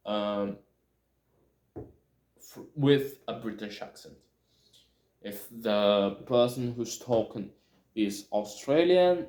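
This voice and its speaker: A man hosting his own podcast, talking on his own in a halting way, with many fillers and restarts, and speaking English as a second language. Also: mid-range voice, darkish tone, roomy sound. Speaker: podcast host. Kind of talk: casual solo monologue.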